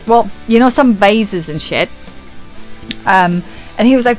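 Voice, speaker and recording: Woman, podcast host, casual film recap, profane, lively, acts out reactions, faint music behind. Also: on the high side, moderate pace. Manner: swearing, lively retelling with acted-out reactions. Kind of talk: casual film review chat.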